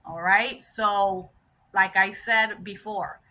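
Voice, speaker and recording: Slow, bright-voiced woman teaching dog owners. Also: medium pitch, fairly even intonation, poor audio. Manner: patient, repetitive, checks in with "all right?"; unscripted, with restarts and self-corrections. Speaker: dog trainer. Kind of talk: instructional talk to dog owners.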